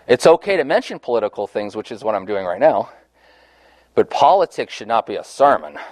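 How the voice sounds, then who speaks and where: A man's voice: mid-range voice, very animated, brisk, darkish tone, dry recording. A man leading a Bible study discussion, earnest and conversational, often restarting his phrases.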